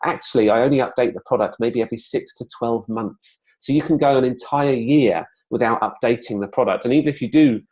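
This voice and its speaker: A man giving an explanatory webinar presentation in a conversational, relaxed way, with plenty of fillers and asides. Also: medium pitch, brisk, few pauses.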